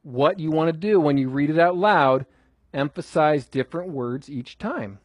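A man teaches a class on memorizing verses, talking casually and prompting the group with questions. His voice sits a bit high and sounds husky. The sound is dry and close, with little room echo. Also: lively intonation, moderate pace. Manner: conversational, asks the audience questions, repeats for emphasis. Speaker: Bible teacher.

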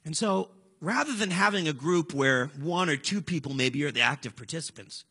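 A man's voice: a little high, animated, normal speed, sharp tone, breathy edge. A man in his forties preaching a sermon in a conversational, storytelling way, earnest and direct. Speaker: pastor.

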